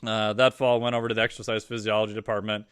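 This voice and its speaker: A middle-aged man telling a story on a podcast as the guest, casual and animated, acting out the voices of people he quotes. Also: lowish voice, racing, clear, resonant tone, no room sound, clean studio sound.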